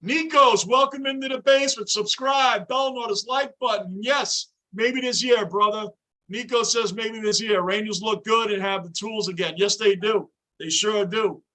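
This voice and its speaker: A livestreaming man reacts to a hockey game from his basement, his high, bright voice jumping to shouts at penalties and saves. He greets chatters by name between calls. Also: normal speed. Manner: excitable, yells at the game. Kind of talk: live game reaction with chat shout-outs. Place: home basement.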